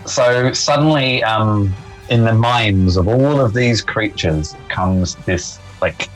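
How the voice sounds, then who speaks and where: A man with a low voice casually explains his spell and targets as a tabletop player. Faint game music hums behind him. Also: slow pace, rough recording.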